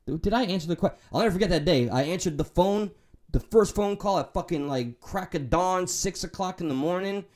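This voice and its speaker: A man's voice: high voice, brisk, a little mellow. A man with a New York accent hosting a livestream, reading chat and talking candidly, swearing and joking as he rambles.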